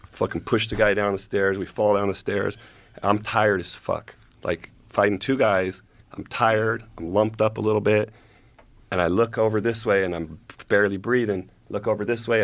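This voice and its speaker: A man's voice: deep voice, creaky, no room sound. A man casually telling a long story as a guest, profane and rambling, checking in with "right?" as he goes.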